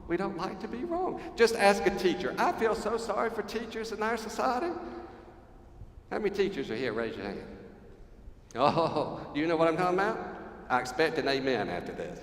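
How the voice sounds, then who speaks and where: A man's voice: high voice, big pitch swings, normal speed, a bit bright. A man preaching a sermon, conversational and humorous, putting questions to the congregation. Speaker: pastor. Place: church sanctuary. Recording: roomy church echo, long reverb.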